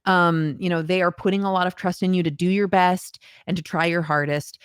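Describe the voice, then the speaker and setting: Earnest low-voiced woman, very dry sound. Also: fairly even intonation, a little fast, smooth, no room sound. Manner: reflective and earnest, with frequent ums. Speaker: voice actor guest. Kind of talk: casual podcast conversation.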